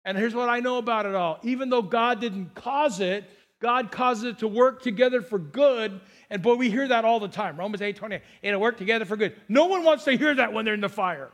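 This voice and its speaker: A pastor with a strikingly high voice for a man delivers his sermon in a loose, talky way. He tosses in joking asides and stumbles over repeated words as he goes. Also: a little fast, fairly bright tone.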